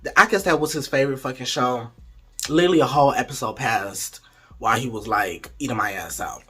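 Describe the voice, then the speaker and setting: A man's voice: mid-range voice, brisk, a bit bright, slightly rough. A young man in casual storytime mode, chatty and candid, talking straight to his viewers. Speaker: vlogger.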